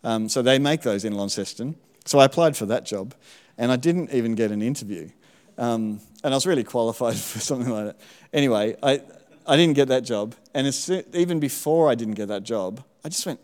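A middle-aged man giving a sermon testimony in church, telling his story in a relaxed, self-deprecating way with frequent ums. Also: mid-range voice, fairly quick, in a large hall. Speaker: church speaker sharing testimony.

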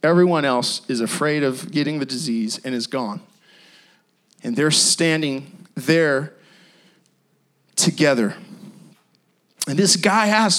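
A male pastor preaching a sermon in an emphatic, repetitive style with dramatic pauses. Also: on the high side, a bit bright.

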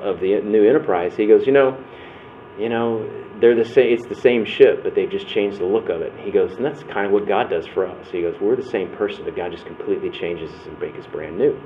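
A man's voice: fairly low pitch, a little hiss or hum. Storytelling man, tinny phone-like sound. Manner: conversational, restarts and acts out quotes. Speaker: breakout session speaker. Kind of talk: storytelling church workshop talk.

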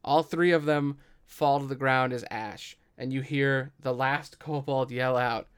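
A man running a tabletop game as game master, describing the scene in a relaxed way. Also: medium pitch, a little slow, few pauses, clean tone.

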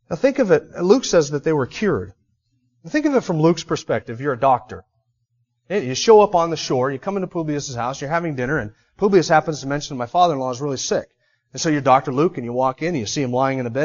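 Animated high-voiced male preacher, lo-fi sound. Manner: animated, rises to emphatic bursts then drops low. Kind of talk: sermon. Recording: dull lo-fi recording.

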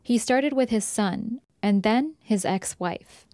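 Mellow-voiced woman narrating a documentary. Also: fairly high pitch, slow pace.

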